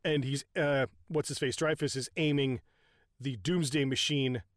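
A man in casual chat, excitedly retelling a film scene, swearing often and laughing as he goes. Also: medium pitch, normal speed, no room sound, studio quality.

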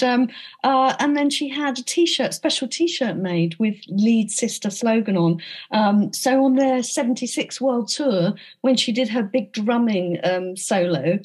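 A woman being interviewed about her book, speaking thoughtfully with frequent pauses and restarts. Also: on the high side, a little mellow, breathy edge. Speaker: author and interview guest. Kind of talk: conversational interview.

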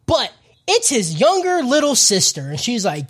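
A woman's voice: fairly high pitch, wildly swooping pitch, moderate pace, slightly rough. A woman co-hosting a casual group chat about anime, blunt and sarcastic, swearing freely. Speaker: podcast co-host.

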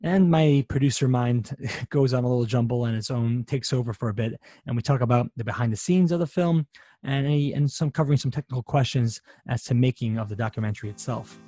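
A man's voice: mid-range voice, fairly quick, warm tone, dry recording, studio quality. A man hosting a podcast, reading an upbeat, chatty intro and then talking with a guest. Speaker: podcast host.

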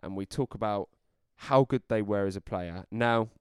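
Chatty man with a smooth voice. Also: lowish voice, normal speed, darkish tone, no room sound, clean studio sound. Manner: chatty, rambling with restarts and laughs. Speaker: podcast host. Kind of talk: casual chat.

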